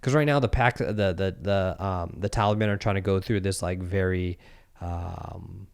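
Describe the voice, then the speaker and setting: Guy with a lowish smooth voice, chatty, tells a wild story and does everyone's voices. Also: moderate pace, dry recording. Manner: animated storyteller, acts out quoted voices. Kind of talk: casual chat, storytelling.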